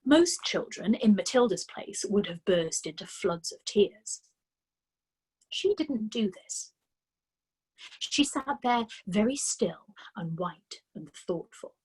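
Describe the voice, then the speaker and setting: A woman reading a children's story aloud for a storytime, expressive with dramatic pauses. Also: mid-range voice, breathy edge.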